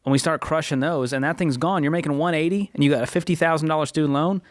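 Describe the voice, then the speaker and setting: A man co-hosting a call-in money advice show, coaching a caller in a blunt, energetic, joking way. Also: fairly high pitch, fast, dry recording.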